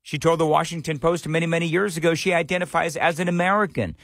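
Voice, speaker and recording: A male talk radio host on a dry, close studio mic, his voice sitting a touch high for a man. He talks in an opinionated monologue, sarcastic and leaning on rhetorical questions. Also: fairly even intonation, fast talker, a bit bright, no echo. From Nashville area.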